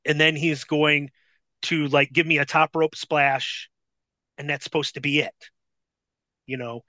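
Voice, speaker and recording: High-voiced, bright-toned man telling a story. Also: unhurried, dry recording. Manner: profane, animated storyteller. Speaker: podcast guest, former wrestler. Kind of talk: casual anecdote telling.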